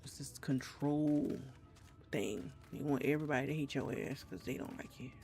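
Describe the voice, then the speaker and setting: A streamer with a gravelly, darkish, mid-range voice talks at a moderate pace during a live gameplay session from home in South Florida, soft music playing behind him. Slightly Trinidadian in accent, he rambles candidly, swears freely, and keeps restarting his sentences.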